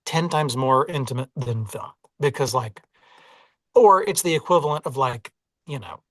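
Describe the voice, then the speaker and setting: A man's voice: mid-range voice, expressive, normal speed, a bit bright, dry recording. A man with a Southern US accent, an audiobook narrator talking casually and reflectively in an interview, often hedging with "like" and "you know.". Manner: reflective, self-deprecating, many "like" and "you know".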